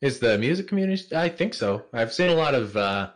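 A man's voice: mid-range voice, sing-song, a little fast. A man as the guest on a casual podcast, answering questions hesitantly with lots of ums and easy laughter. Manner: hesitant, many fillers, laughs easily. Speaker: interview guest.

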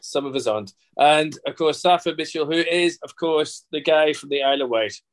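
A man's voice: fairly high pitch, normal speed. A man hosting a casual football podcast, jokey and chatty. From England. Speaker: podcast host.

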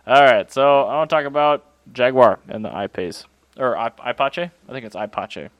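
A man co-hosting a casual car podcast, dry and teasing, firing off quick quips. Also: medium pitch, lively intonation, dry recording, dull audio. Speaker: podcast co-host.

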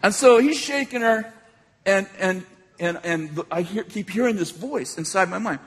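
Man, pastor, high husky voice, animated and laughing, big echoey hall. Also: normal speed. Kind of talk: storytelling sermon. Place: large hall with an audience.

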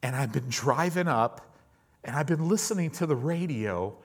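Animated man in his fifties telling a testimony. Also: a little high, normal speed, slightly rough. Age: 50s. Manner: animated, repeats words, acts out the people in his story. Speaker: preacher. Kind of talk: sermon testimony storytelling.

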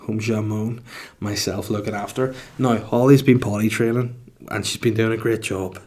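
A man's voice: lowish voice, fairly even intonation, normal speed, darkish tone. A young man with a Northern Irish accent, hosting a podcast and telling sweary, rambling comic stories in casual chat. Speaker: podcast host.

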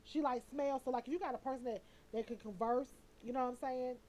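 A high-pitched woman holding forth in a relaxed group chat. She talks with opinionated energy and loose, slangy phrasing. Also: quick pace, a little hiss or hum.

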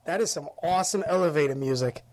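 A man hosting a casual talk show from a studio mic, joking and quick to laugh. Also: on the high side, darkish tone. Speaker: radio show host.

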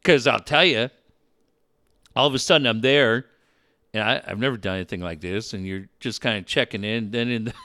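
A man's voice: fairly low pitch, fairly quick, dry recording. A man telling stories in a casual chat, swearing often and acting out the people he quotes. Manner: profane, animated, acts out quoted people.

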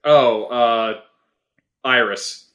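A man joking with friends while watching a film, full of quick references. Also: mid-range voice, fairly bright tone. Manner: jokey, quick with references, laughs often. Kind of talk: casual riffing commentary over a film.

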